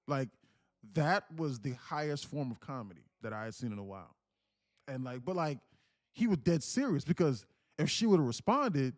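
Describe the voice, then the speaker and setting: A man's voice: medium pitch, dry recording, studio quality. A man hosting a casual livestream, telling a story in a rambling, repetitive way and laughing as he goes. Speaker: livestream trading host.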